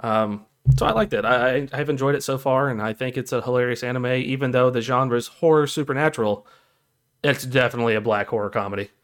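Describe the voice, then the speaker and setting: A man's voice: medium pitch, steady tone, fast. A man co-hosting a casual podcast chat, rambling and laughing at his own stories. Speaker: podcast co-host.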